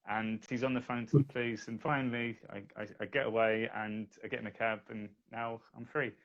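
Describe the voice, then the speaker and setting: Gravelly-voiced man telling a story. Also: mid-range voice, fairly bright tone. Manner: recounts events plainly, quotes others. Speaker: guest. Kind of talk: casual podcast chat, storytelling. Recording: dull lo-fi audio.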